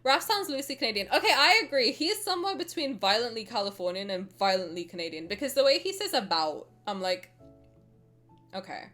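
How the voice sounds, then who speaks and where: A woman's voice: a little high, very animated, fast, bright, forceful tone, soft background music. A British woman streamer in casual reaction chat, rambling, laughing and talking to her chat. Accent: British English. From Britain.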